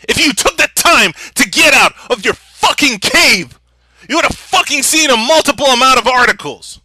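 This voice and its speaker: A young man delivering an angry, profanity-filled vlog rant and shouting at times. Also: very high-pitched, animated, moderate pace, dry recording, clean studio sound. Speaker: vlogger.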